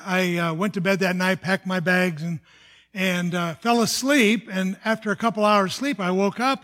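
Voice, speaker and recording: An older male pastor with a notably high-pitched voice shares a personal testimony. He tells the story earnestly, with halting restarts and fillers, in a plain sermon style. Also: a bit bright.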